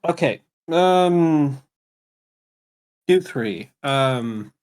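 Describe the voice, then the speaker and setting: Slow, sarcastic man at a game table. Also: mid-range voice, expressive, darkish tone, clear, resonant tone. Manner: dry, exasperated sarcasm. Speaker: player. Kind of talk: tabletop role-play in character.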